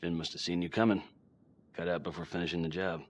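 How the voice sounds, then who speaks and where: Placating tired sergeant, low voice, quick talk. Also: male voice, flat delivery. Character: weary male police sergeant.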